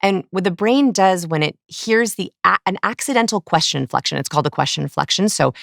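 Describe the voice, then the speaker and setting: This is a woman in her thirties appearing as a guest body language expert in an interview. Her voice is fairly low and gravelly, brisk with few pauses, and she explains things eagerly and animatedly while acting out examples. The studio sound is clean with no echo.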